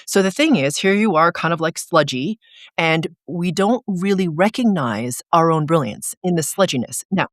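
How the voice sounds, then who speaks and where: An energy coach speaks as an interview guest, explaining and telling stories in a casual, lively way. The voice sits at a middle pitch and is often padded with "like". The sound is dry, with no room echo. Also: moderate pace. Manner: animated storyteller, frequent "like" fillers.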